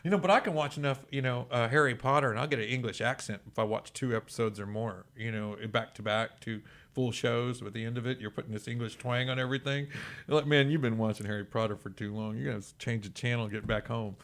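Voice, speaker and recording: A man's voice: mid-range voice, steady tone, quick pace, fairly bright tone. A man with a Texan accent hosting a local radio talk show, chatting in a rambling way and laughing often. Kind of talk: casual chat.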